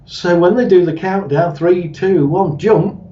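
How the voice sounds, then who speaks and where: Chuckling frequently, this man appears as a guest in an interview, using small stories to illustrate his points and voicing the characters he quotes. His pitch is on the higher side yet gentle and mellow, and he takes his time. Recorded from a distance, the audio comes across as dull and roomy with a little background noise.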